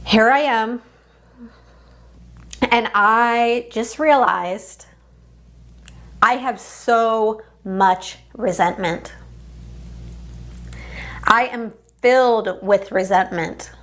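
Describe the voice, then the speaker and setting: A woman coach leading a guided tapping session, speaking in deliberate, repeated affirmations. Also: on the high side, a bit bright.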